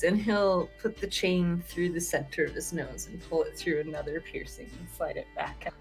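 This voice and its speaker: A woman's voice: lowish voice, fairly even intonation, moderate pace, gravelly, hardly any pauses, faint music behind. A woman playing a character in a tabletop game, with a playful, joking manner. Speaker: player.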